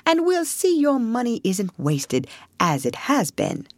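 A woman's voice: a little high, wildly swooping pitch, slow pace, dry recording, pitched above the performer's own voice, heavily acted. A woman voicing a grave little mole. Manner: grave, earnest.

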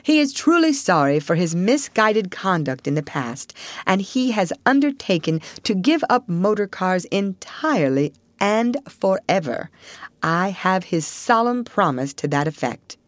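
A woman's voice: medium pitch, big pitch swings, measured pace, no echo, pitched above the performer's own voice. A woman playing solemn stern Badger. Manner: solemn, firm, scolding. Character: stern, solemn old male badger, firm leader.

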